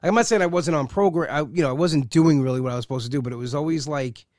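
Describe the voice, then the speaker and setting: A man in his forties hosting a podcast, chatting casually from a studio and rambling with many halting restarts. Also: fairly high pitch, darkish tone, no room sound. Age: 40s. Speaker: podcast host. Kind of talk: casual chat.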